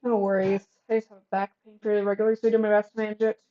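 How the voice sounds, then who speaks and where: A woman's voice: mid-range voice, flat delivery, rapid-fire, lo-fi sound, close to an everyday voice. A woman voicing a shy, anxious young woman who talks hesitantly and formally.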